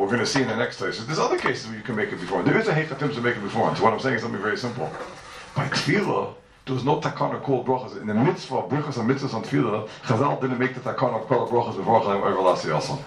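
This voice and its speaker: Man, Talmud lecturer, animated with rhetorical questions; gravelly, distant, echoey room. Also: medium pitch. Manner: animated, rhetorical questions, sing-song rises. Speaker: Talmud teacher. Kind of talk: yeshiva-style Talmud lecture. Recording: echoey room, speaker far from mic.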